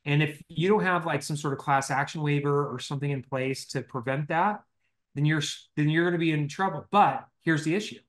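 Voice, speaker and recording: A man's voice: a little high, fairly quick. A man co-hosting a podcast, explaining legal compliance in a casual, joking way with false starts. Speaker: legal compliance expert, co-host.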